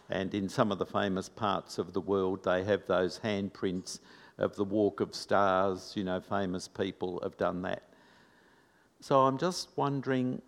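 A man preaching a sermon in a slow, reflective, measured way. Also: fairly low pitch. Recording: long reverb of a large hall.

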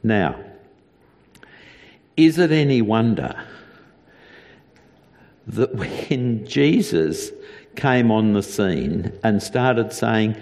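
A man preaching a sermon as a pastor, earnest and deliberate, with emphatic repetition. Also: medium pitch, expressive, darkish tone, big-room sound, lo-fi sound.

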